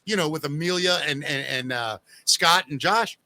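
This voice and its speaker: Bright, animated male radio host. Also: fairly high pitch, moderate pace. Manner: animated storyteller, acts out quoted voices. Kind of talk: casual podcast chat.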